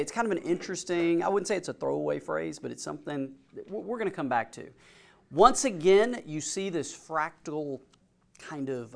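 A man leads a casual Bible study. His voice sits a little high and has a gravelly edge. He keeps turning to the group with questions. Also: a bit bright. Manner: asks the group questions, informal. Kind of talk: conversational Bible class teaching.

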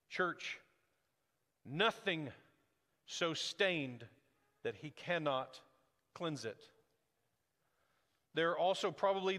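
A male pastor delivers an expository sermon in a slightly high voice. He builds to emphatic, forceful peaks and then slows to grave, deliberate phrases. The long reverb of a large church sanctuary trails after his words.

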